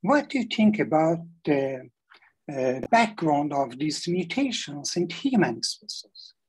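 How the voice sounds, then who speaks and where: A woman in the audience asking a question in a webinar, halting and polite. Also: low voice, sing-song, a little mellow, slightly rough, low-quality recording. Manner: halting, polite, repeats thanks.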